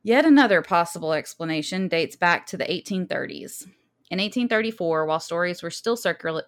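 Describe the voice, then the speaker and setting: Low-voiced with a fairly bright tone, a Southern woman co-hosts a podcast, chatting loosely as she goes through her research. She laughs easily and sometimes fumbles tricky words.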